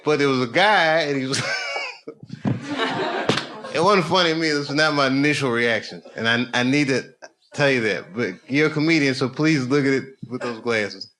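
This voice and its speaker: A middle-aged man doing stand-up storytelling on stage, loose and conversational, building to loud excited bursts. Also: medium pitch, moderate pace. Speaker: stand-up comedian. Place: comedy stage with live audience. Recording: noisy live show recording. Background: audience laughter.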